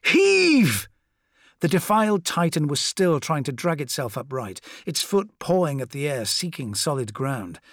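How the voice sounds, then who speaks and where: A man's voice: fairly high pitch, expressive, fairly bright tone, dry recording. Man narrating a war story, dry close sound. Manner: measured, dramatic storytelling. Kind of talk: scripted audiobook narration.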